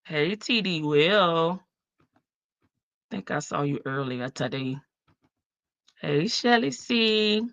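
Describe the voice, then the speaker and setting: Slow, bright-voiced woman livestream host. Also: sits low, animated, dry recording, muffled recording. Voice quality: big country voice. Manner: greets chat viewers one by one, chatty and drawling. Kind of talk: casual livestream chat.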